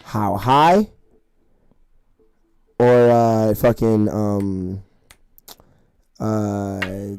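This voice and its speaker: A man co-hosting a casual podcast chat who laughs and swears a lot and talks in fast bursts. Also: on the low side, steady tone, a little mellow, clean tone, no room sound. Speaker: podcast co-host.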